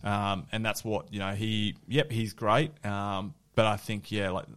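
A man's voice: lowish voice, steady tone, measured pace, fairly bright tone, clear, resonant tone. A male podcast co-host in casual sports chat, rambling with lots of fillers and restarts.

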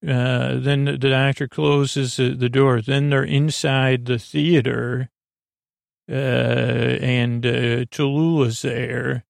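Gravelly male host; halting, rambling recap for sleep; dry close sound. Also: medium pitch, flat delivery, no room sound. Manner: halting, filler-heavy. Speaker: podcast host. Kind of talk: rambling story retelling for sleep.

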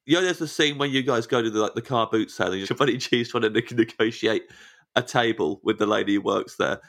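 A man's voice: mid-range voice, fast talker, a bit bright. A man co-hosting a casual interview, curious and asking questions.

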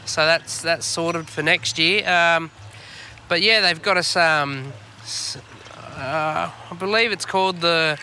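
A laid-back Australian man, very bright and forward in tone and a touch high for a man, chatting and rambling on a fishing podcast. He swears freely as he goes. It's recorded out on a boat, with faint noise underneath. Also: takes it slowly. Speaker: podcast co-host. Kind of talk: casual chat. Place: on a boat on the water.

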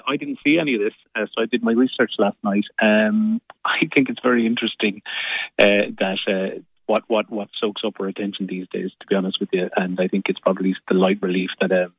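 An actor talking as a radio guest, hesitant and full of fillers. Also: male voice, lowish voice, no echo. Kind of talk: radio interview. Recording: tinny phone line.

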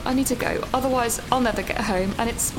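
A woman's voice: a little high, fast talker. A young woman leaving a flustered, self-pitying voice note outdoors in the rain. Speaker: student missionary leaving a voice note. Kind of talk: comedic voice-note monologue. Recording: loud rain noise outdoors. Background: heavy rain and thunder.

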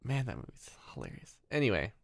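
A man's voice: on the low side, wildly swooping pitch, fast, gravelly, dry recording, studio quality. A man co-hosting a casual movie podcast, joking and laughing as he retells a film's plot. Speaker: podcast co-host. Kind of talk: casual movie-recap chat.

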